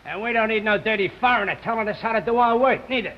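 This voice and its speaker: An actor playing a surly, bigoted young construction worker who grumbles in coarse slang, in a 1950s live television drama. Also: male voice, high-pitched, quick pace. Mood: sneering. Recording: dull lo-fi 1950s TV audio with faint hiss.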